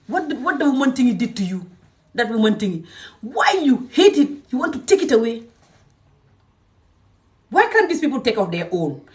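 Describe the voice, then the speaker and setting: A woman from Gambia delivers a heated direct-to-camera rant. She is emphatic and fiery, jumping between loud outbursts and low, muttered asides. Her voice sits a little away from the mic. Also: distant mic. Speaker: social media creator.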